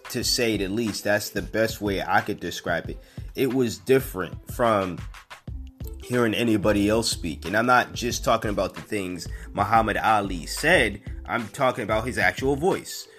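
A man's voice: on the low side, moderate pace, fairly bright tone, faint music behind. A young man hosting a podcast alone, giving casual, opinionated commentary that rambles with fillers and restarts. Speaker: podcast host.

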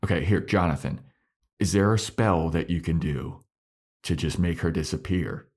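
A man's voice: sits low, moderate pace. A man voicing Warren, a cold-blooded, bossy young male villain who barks orders in a podcast retelling. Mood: scheming.

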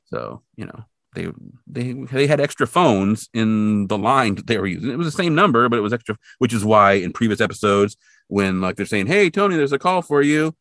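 A podcast co-host with a lowish voice talks a little quickly, recapping an episode in casual chat. His delivery is animated and packed with fillers, and he briefly acts out the characters he quotes. The studio-quality recording has no echo.

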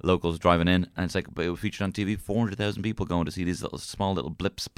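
A man's voice: low voice, fairly even intonation, fast, smooth, no room sound. A man hosting a casual podcast chat, rambling and hesitant. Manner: rambling, hesitant, restarts often. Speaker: podcast host.

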